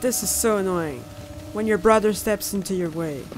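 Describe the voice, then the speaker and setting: A woman playing a story game and commenting in a loud, profane, exasperated way, with game music and gunfire behind her. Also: medium pitch, normal speed, slight background noise. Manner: loud, swearing, exasperated outbursts. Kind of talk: profane let's-play commentary.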